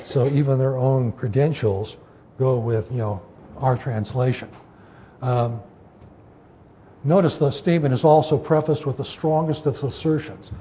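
A man's voice: mid-range voice, a little slow, dark tone, a little hiss or hum. A man teaching an informal Bible study, explaining scripture in a loose way with many fillers and restarts.

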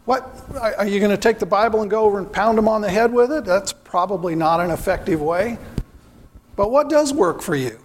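Earnest church speaker, man, high voice, asks his flock pointed questions. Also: fairly even intonation, fast talker, hardly any pauses, big-room sound. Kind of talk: sermon.

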